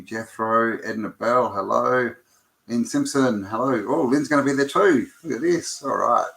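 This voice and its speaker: A man's voice: medium pitch, fairly bright tone. A man hosting a casual live stream, greeting viewers by name and rambling with lots of ums and restarts.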